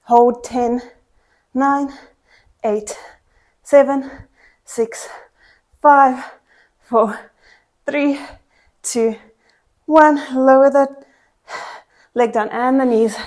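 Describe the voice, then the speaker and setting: A woman's voice: sits high, steady tone, very slow, pauses often, a little mellow. A young woman leading a pilates class with short exercise cues and countdowns. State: out of breath. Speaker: pilates instructor. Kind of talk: cueing a workout class.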